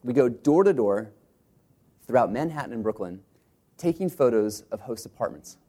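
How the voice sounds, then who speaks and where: Animated man telling a startup story. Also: mid-range voice, normal speed, slightly rough. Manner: animated, acts out quotes in put-on voices. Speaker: startup co-founder telling his company's story. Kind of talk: storytelling talk to an audience.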